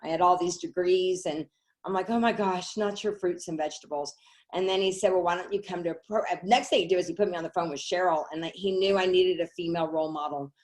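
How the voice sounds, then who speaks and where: A middle-aged woman telling a personal story on a call, animated, acting out what others said. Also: fairly low pitch, quick pace. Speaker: network marketing speaker.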